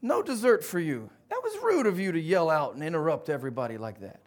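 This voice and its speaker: A man's voice: on the high side, very animated, quick pace. A pastor playing a stern father who scolds his young son in a raised voice. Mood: scolding.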